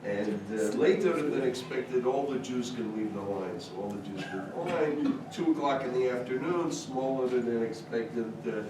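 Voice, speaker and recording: A man from the audience tells a long joke, drawing it out with pauses and fillers. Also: mid-range voice. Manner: drawn-out telling with fillers and pauses. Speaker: audience member telling a joke. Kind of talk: live joke telling. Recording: echoey hall, distant mic, background noise.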